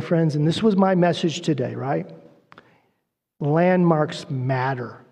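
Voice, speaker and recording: High-voiced man preaching in a reverberant hall. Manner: animated storytelling preacher, acts out voices in quotes. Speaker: guest preacher. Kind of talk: sermon.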